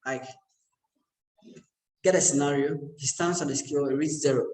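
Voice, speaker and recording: A man's slightly mellow, higher-leaning voice moves briskly but pauses often as he gives a joking, conversational university lecture. He keeps checking in with his students, and the echoey lecture room adds a little hiss or hum.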